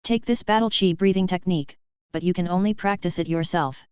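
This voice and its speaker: A man's voice: high voice, fairly quick, smooth, no room sound, natural voice. A woman voicing a weary, resigned man in an audiobook, speaking with a sigh. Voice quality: sighing, resigned. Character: weary male elder, resigned. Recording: dull lo-fi dry audio.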